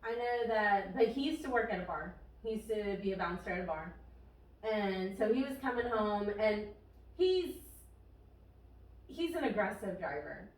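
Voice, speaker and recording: A woman's voice: mid-range voice, expressive, normal speed. Female co-host, frank, profane chat, recorded at a distance in a roomy space. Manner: blunt, swears freely. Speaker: podcast co-host. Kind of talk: casual podcast chat. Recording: echoey room, far from the mic.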